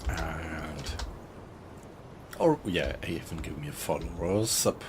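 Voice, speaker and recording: A man's voice: rumbling low, slow pace, noisy background. A man with a German accent, chatting casually to viewers while streaming a video game. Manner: chatty, thanks viewers, laughs often. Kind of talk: casual live-stream commentary.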